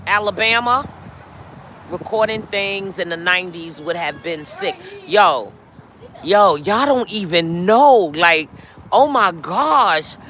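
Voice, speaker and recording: On a city street, a middle-aged woman from New York hosts a relaxed live stream, talking right to her viewers and saying "y'all" a lot. Her voice is on the low side, expressive and fairly bright, and she takes it slowly; there's slight background noise.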